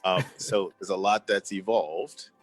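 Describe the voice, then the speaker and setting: A man's voice: sits low, steady tone, unhurried, faint music behind. A man in his fifties, a former executive, talking earnestly as an interview guest and repeating words for emphasis over a video call. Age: 50s. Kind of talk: conversational interview.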